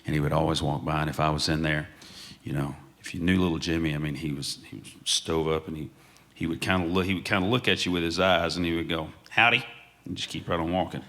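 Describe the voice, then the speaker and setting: A man with a very low, gravelly voice tells anecdotes as a guest on a museum stage panel. He talks casually and chuckles his way through the punchlines of his stories. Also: steady tone, quick pace, fairly bright tone. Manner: storytelling, laughs through punchlines. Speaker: panel guest, country singer. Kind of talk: animated anecdote telling.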